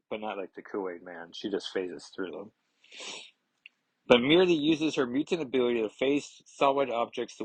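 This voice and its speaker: A man's voice: mid-range voice, breathy edge, no echo, poor audio. A man casually reading a comic aloud and commenting, chatty, digressive and amused, on a close mic.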